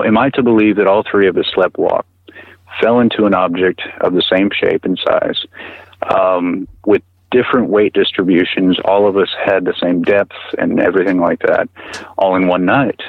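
Deep husky man on a phone line. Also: steady tone, no echo. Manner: halting, repeats words, frequent fillers. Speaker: guest recounting personal experience. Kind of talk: interview storytelling. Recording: tinny phone line on radio.

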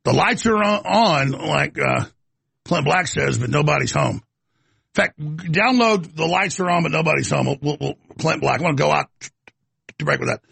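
A man hosting a talk show in a rambling, heated rant, with a gravelly, raspy voice. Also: on the high side, moderate pace, a bit bright, dry recording.

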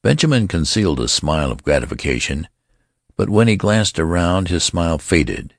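Deep gravelly male storyteller. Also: moderate pace, no room sound, studio quality. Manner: expressive storytelling. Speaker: narrator. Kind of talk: scripted audiobook narration.

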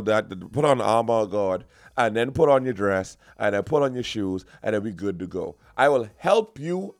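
A man's voice: medium pitch, dry recording, studio quality. A man giving a comic, preachy lecture with emphatic repetitions, like a mock sermon.

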